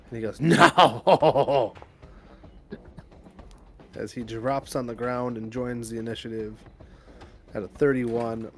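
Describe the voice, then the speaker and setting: A man acting as game master for a tabletop session, speaking at an unhurried, measured pace. He calls rolls, damage and rules in a matter-of-fact tone, breaking into easy laughing asides now and then. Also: mid-range voice, darkish tone. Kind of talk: running a tabletop game over a livestream.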